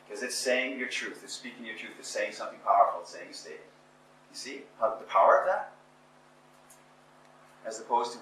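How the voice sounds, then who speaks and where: A man giving a live motivational talk to an audience, emphatic and repetitive, building to forceful exhortation. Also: on the low side, lively intonation, brisk, pauses often. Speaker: motivational speaker. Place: indoor conference or seminar room. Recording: echoey room, voice picked up from a distance with faint noise.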